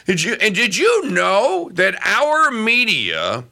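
A middle-aged man hosting a talk radio show, giving animated commentary that rambles with frequent restarts. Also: sits high, takes it slowly, creaky.

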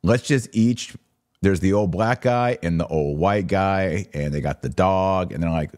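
A middle-aged man hosts a podcast, talking through images in a casual, wry way and slipping into little put-on voices for the people he describes. His voice sits very low, and the recording is dry and close with no room around it. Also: a little slow, a little mellow, no room sound. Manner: wry, sarcastic, acts out quoted figures. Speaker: podcast host.

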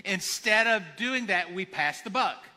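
A man's voice: high-pitched, expressive, unhurried, pushed and bright, in a large hall. A man preaching a conversational sermon, acting out quoted lines as he goes.

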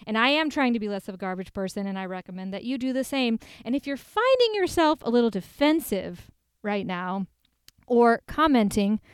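A woman co-hosting a podcast in casual chat, going on profane, fast rants with self-mocking asides. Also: a little high, very animated, clean tone, no room sound, clean studio sound. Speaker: podcast co-host.

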